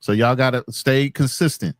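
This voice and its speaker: A man moderates a livestream debate, keeping panelists in line with a firm voice. He reads viewer messages in a wry tone. His pitch is middle, and the recording is dry with little room sound. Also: moderate pace, no echo.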